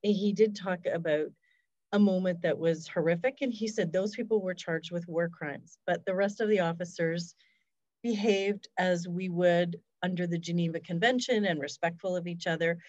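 A woman's voice: lowish voice, fairly even intonation, normal speed, darkish tone, no echo, highs cut off. A woman, a hospice fundraiser, telling stories in a casual, reflective interview over a video call.

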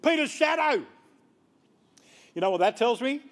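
Male pastor with a high voice, preaching with energy to his congregation. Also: unhurried. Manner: lively preaching, calling out congregation members by name. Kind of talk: sermon. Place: church sanctuary.

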